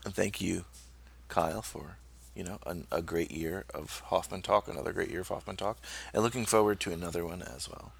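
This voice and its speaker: A man's voice: sits low, fairly quick, creaky, breathy edge. A man co-hosting a podcast, wrapping up the episode in a loose, friendly chat. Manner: loose, friendly sign-off with fillers. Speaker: podcast co-host. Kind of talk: casual podcast outro chat.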